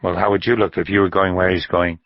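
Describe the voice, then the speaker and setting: A man's voice: sits low, level tone, fast talker, creaky, no room sound, lo-fi sound. A man doing a tipsy teasing bar companion. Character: slightly drunk man, teasing friend.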